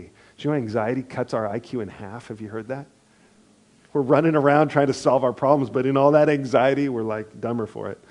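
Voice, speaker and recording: A middle-aged male pastor preaching a sermon and leading a responsive reading in a slow, soft, unhurried way. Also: lowish voice, gravelly, husky.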